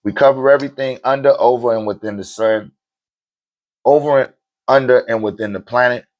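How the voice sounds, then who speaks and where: A man with a medium-pitched, fairly quick voice hosts a livestream on a streaming mic, answering viewer questions about spirituality in loose, conversational talk. He often checks in with a rhetorical "right?" and rhythmically chants lists of names, growing more animated as his energy rises.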